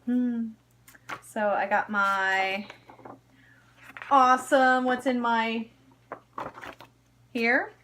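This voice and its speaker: A woman's voice: on the high side, steady tone, drawn-out words, long pauses, fairly bright tone, slight background noise. A young woman vlogger doing an unboxing video, gushing and squealing over cute items. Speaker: cosplay vlogger.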